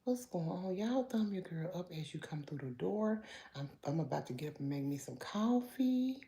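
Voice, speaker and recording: A woman hosting a casual morning livestream from home, greeting viewers by name and chatting with some sass, now and then dropping to a low voice. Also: lively intonation, normal speed, dark tone, slight background noise. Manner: talks low at times so as not to wake the house. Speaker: livestream host.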